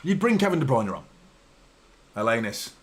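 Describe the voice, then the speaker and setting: Hosting a live football watchalong for his fan channel, a man speaks at normal speed in a medium-pitched, very animated voice. He commentates while ranting at his team's players, sweary and exasperated.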